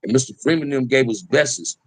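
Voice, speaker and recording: This middle-aged man from the Los Angeles area has a mid-range voice and talks a little fast and animatedly. He tells casual, profane stories about his life in a streetwise manner, often calling the listener "man."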